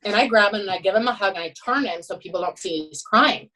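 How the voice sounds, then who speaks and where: A woman who is a head swim coach, telling animated, emphatic stories in a podcast interview and often adding "you know" and "right.". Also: medium pitch, quick pace, poor audio.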